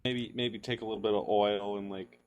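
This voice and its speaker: Man, tabletop player, very deep voice, flat, rambling, unsure. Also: fairly quick. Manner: rambling and unsure, talking through his actions. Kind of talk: casual table talk.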